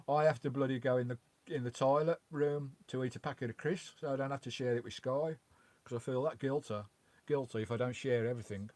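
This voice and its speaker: A man's voice: mid-range voice, moderate pace, darkish tone, dry recording. Rambling, chatty man in a campervan. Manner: rambling and chatty, mild swearing. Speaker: vlogger reading live chat. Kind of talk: casual live-stream chat. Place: parked in a campervan.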